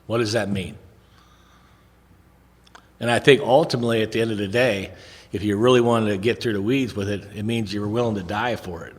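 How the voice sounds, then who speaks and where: A man's voice: fairly low pitch, fairly even intonation, a little fast, pauses often, in a large hall. A man speaking at a recovery meeting, telling stories earnestly with repetitions and restarts.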